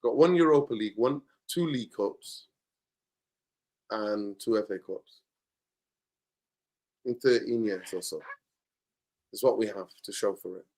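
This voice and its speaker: A man in casual football chat, blunt and animated, bursting into loud exclamations. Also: fairly low pitch, measured pace, long pauses. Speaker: football podcast host.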